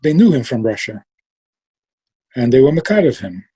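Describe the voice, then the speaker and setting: A man telling a story in a relaxed way, slow and reflective, trailing off and restarting and sometimes acting out the people in it. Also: mid-range voice, slightly rough. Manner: acts out quoted voices with sudden outbursts.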